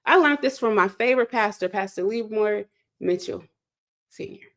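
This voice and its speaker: A woman's voice: medium pitch, expressive, moderate pace, fairly bright tone. Emphatic woman from Chicago's South Side. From South Side of Chicago, USA. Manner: emphatic, preacher-like, repeats key phrases. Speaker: host and speaker. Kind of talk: impassioned monologue.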